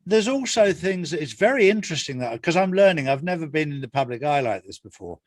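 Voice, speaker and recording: A man's voice: fairly high pitch, no room sound, clean studio sound. An older retired Englishman giving an interview in a casual, earnest way, repeating his points for emphasis. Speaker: interview guest, author.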